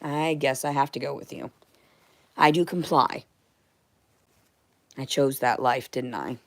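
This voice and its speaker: A young woman in a rambling, emotional monologue, blunt and profane, jumping between loud outbursts and hushed whispers. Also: a bass voice, a little slow. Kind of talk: rambling monologue to unseen listeners.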